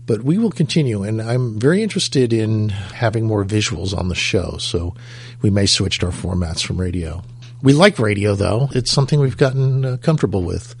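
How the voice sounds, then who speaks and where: A man hosts a talk radio show in an easygoing conversational way. His voice sits low and sounds a bit husky. He chuckles now and then between his thoughts. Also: expressive, moderate pace.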